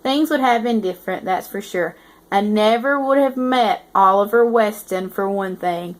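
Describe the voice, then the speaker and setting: A woman's voice: medium pitch, normal speed, natural voice. A woman reading aloud as a teasing eighteen-year-old male student narrating his story. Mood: amused. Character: cocky teasing young male college narrator.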